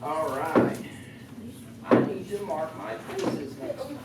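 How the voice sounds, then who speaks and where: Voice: mid-range voice, very animated, slow, heavy background noise. A youth leader giving a casual, joking sermon, full of rambling asides. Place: youth group meeting room. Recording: very echoey room, voice far from the mic.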